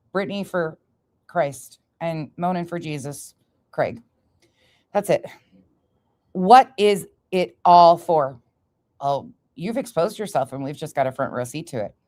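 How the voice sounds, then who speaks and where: A woman rants straight into the mic, her voice sitting low for a woman and sounding dry and close with no room echo. She is sarcastic and mocking and swears freely, taunting someone she is feuding with. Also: darkish tone. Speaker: online commentator. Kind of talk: ranting commentary vlog.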